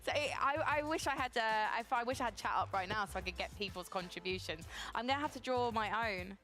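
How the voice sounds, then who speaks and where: A woman hosting a casual panel chat, playful and quick to laugh. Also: fairly high pitch, fairly bright tone. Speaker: host. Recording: music playing behind.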